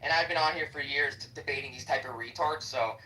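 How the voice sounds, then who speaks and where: A man's voice: medium pitch, fast, bright, forceful tone. A man ranting combatively and profanely in a heated live debate on an audio chat app. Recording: echoey, distant livestream audio.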